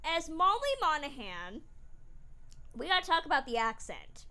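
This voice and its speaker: A woman co-hosting a podcast, chatting casually about an old film, animated and emphatic, sometimes laughing as she talks. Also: sits high, moderate pace. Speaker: podcast co-host.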